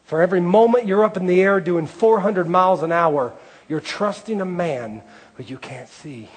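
High-voiced male preacher. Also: normal speed. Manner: rhythmic preaching cadence with repeated phrases. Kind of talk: sermon.

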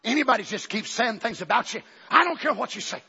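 A male pastor preaching a fervent sermon in a church, swinging between shouting and hushed talk. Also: very high voice, animated, fast, vocal fry, slightly rough. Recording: dull recording with long hall reverb.

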